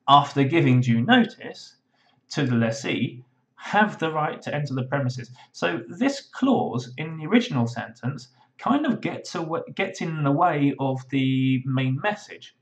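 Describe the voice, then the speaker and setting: A man's voice: fairly high pitch, dull audio. A man teaching legal English writing in a webinar, explaining patiently and thinking aloud with frequent fillers and restarts. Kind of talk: webinar lesson.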